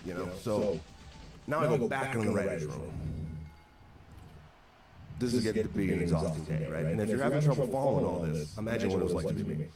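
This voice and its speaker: Lower-voiced man telling a wry, exasperated story. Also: expressive, fairly quick, pauses often, a crowd in the background. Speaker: interview guest. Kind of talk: storytelling anecdote. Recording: echoey distant replay from a stream.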